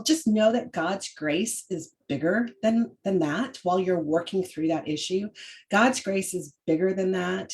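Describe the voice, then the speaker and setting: A middle-aged woman talks about parenting and faith in a loose, chatty way, often stopping to restart her sentences. Her voice sits a little low for a woman. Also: a little mellow. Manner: chatty, with frequent fillers and restarts. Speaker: podcast host. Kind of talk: casual faith-based parenting talk.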